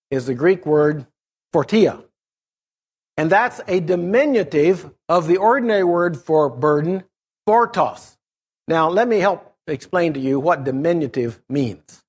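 A middle-aged man preaching in a measured, explanatory way, leaning on key words as he teaches through a Bible passage. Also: a little high, breathy edge.

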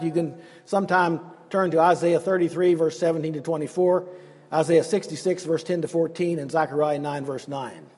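A man's voice: fairly high pitch, darkish tone, breathy edge, long reverb tail. A man preaching a sermon in an earnest, emphatic way, acting out the quotes he gives.

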